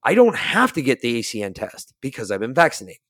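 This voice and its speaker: A blunt man hosts a podcast and spins a profane story, acting out each side of the exchange. His voice sits at an ordinary middle pitch, and the sound is close and dry with no room around it. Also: big pitch swings, brisk, a bit bright, dry recording. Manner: blunt, profane, acts out quoted dialogue. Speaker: podcast host. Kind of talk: casual storytelling chat.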